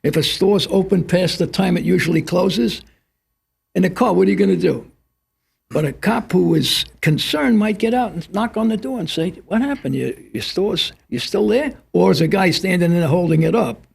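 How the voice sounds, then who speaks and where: A man's voice: high-pitched, moderate pace, gravelly, breathy edge. An older man, a retired police instructor, talking thoughtfully on a studio panel and drawing lessons from stories. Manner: reflective, drawing lessons from anecdotes. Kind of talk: panel discussion on community TV.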